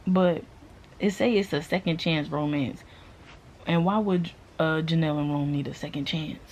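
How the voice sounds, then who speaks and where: A woman's voice: medium pitch, a little mellow, dull audio. A woman chatting casually through a book review, rambling with lots of fillers.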